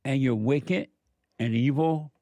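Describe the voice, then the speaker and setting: A man's voice: medium pitch, takes it slowly, dark tone, dry recording. A man giving an informal spiritual talk as a counselor, blunt and emphatic, repeating words for stress.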